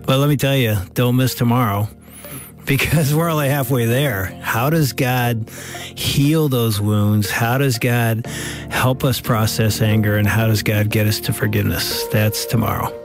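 A man's voice: mid-range voice, fairly even intonation, a little slow, over music. An older man co-hosting a radio talk show, speaking earnestly and heartfelt. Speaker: radio co-host. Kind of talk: reflective studio conversation.

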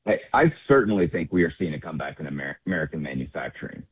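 A man who runs a company, a guest on a radio show, speaking in a measured, businesslike way. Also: extremely low pitch, lively intonation, breathy edge, no echo. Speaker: company chief executive, guest. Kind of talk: phone interview on talk radio. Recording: tinny phone line.

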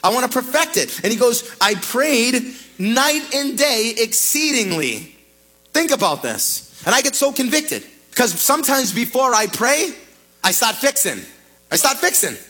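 A man pastor preaching an animated radio sermon, retelling scripture in lively paraphrase. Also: very high voice, unhurried, rough recording.

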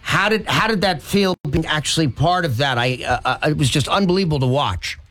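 A man's voice: on the high side, a little fast, fairly bright tone. A man hosting a radio interview, asking enthusiastic, admiring questions. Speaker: radio host.

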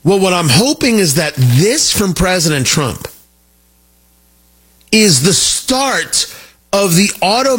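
A man's voice: sits high, a bit bright, slightly rough. A middle-aged man hosting a talk radio show, delivering an emphatic, opinionated monologue with joking asides into a studio microphone.

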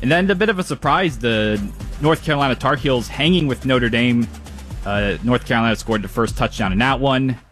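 A man's voice: medium pitch, a little fast, a bit bright, soft background music. A man with a New York–New Jersey accent giving a loose, ad-libbed sports scores update. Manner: loose, ad-libbed, hesitant delivery.

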